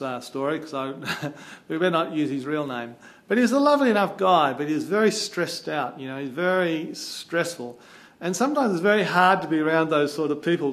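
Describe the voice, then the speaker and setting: A man from Australia with an Australian accent, telling a travel story in a chatty, animated way. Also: fairly high pitch. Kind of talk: casual anecdote.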